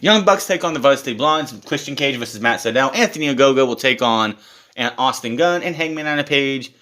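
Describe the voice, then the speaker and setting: A young man talks in a loose, casual review style, blunt and exasperated, with frequent swearing. His voice is bright and forceful, pitched in the middle for a man. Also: animated, fairly quick. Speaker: wrestling show reviewer.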